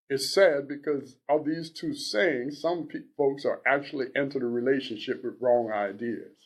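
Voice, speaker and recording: A man in his sixties reading aloud as an older male advice columnist, blunt and earnest, in a measured, preachy delivery. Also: medium pitch, a little mellow, lightly acted. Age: 60s.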